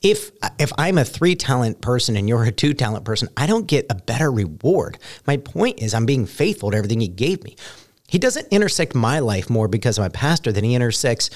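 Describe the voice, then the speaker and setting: A man who is a pastor talking casually about faith, telling stories in an animated way. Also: medium pitch, a little fast.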